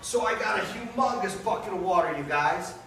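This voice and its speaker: A high-pitched man spins an animated story for a room of small children, keeping them in with a constant "you guys." The sound is very echoey and comes from far off, with clear noise behind him. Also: fairly quick. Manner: animated, keeps calling the kids "you guys". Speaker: children's magician and fire safety performer. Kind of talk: storytelling magic show for children. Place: daycare center room, indoors.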